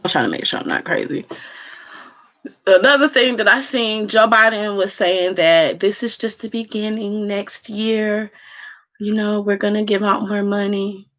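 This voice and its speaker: A woman's voice: mid-range voice, measured pace, fairly bright tone. A woman talking candidly and at length to her viewers from home, rambling and heartfelt. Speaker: vlogger. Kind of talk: casual monologue to viewers. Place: at home indoors.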